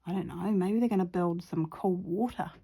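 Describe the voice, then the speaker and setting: A woman's voice: lowish voice, moderate pace, creaky, mellow, breathy edge. A middle-aged woman with a New Zealand accent talks her way through a watercolor painting. She rambles from one topic to the next with giggly asides. Some of it is muttered half under her breath. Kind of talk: casual chat while painting.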